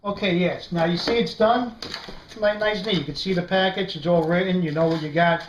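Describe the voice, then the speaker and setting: A man's voice: high voice, fairly quick, dull audio. Casual New York male vlogger, chatty, keeps checking in with listeners, echoey room with faint hiss. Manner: chatty, says "right?" constantly, animated storyteller. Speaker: prepping video host. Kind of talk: casual how-to vlog.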